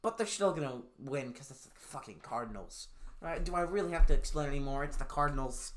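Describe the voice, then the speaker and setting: A man's voice: on the high side, animated, fast talker, fairly bright tone, slight background noise. A man giving casual sports predictions in a profane, sarcastic rant, swinging from fired-up outbursts to glum muttering. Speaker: NFL picks YouTuber.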